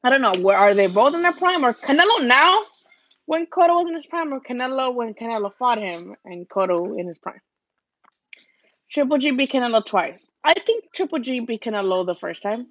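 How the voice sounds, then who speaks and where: A woman's voice: fairly high pitch, sing-song, moderate pace, fairly bright tone. A woman hosting a casual boxing livestream at home, chatting bluntly, swearing now and then, and answering viewer comments. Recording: dull lo-fi home livestream audio.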